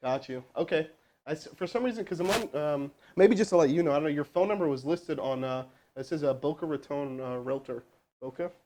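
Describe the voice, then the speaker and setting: With slight background noise behind him, a man with a slightly high voice speaks briskly through a live cold sales call and then coaches his crew. It's casual talk, loaded with fillers and restarts, delivered in an energetic, rambling way.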